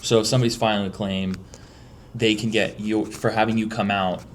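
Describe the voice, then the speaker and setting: Host, male, low-pitched, emphatic and talky, faint noise behind. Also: flat delivery, fairly quick. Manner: emphatic, many restarts. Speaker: podcast host, mold remediator. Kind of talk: casual podcast conversation.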